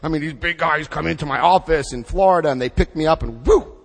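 A middle-aged man giving a personal recovery testimony to an audience, telling his story with dramatic pauses. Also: fairly high pitch, creaky. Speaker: recovery speaker. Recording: hall reverb.

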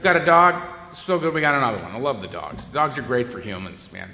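A man's voice: mid-range voice, sing-song, fairly quick, bright, forceful tone. A man giving a humorous recovery talk, wry and self-deprecating, to a meeting hall. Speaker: recovery speaker. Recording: echoey hall with long reverb.

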